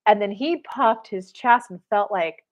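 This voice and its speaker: A woman's voice: mid-range voice, measured pace, lo-fi sound. A woman dating and spiritual coach, talking casually to camera in a chatty way, telling stories with many fillers. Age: adult mother of boys.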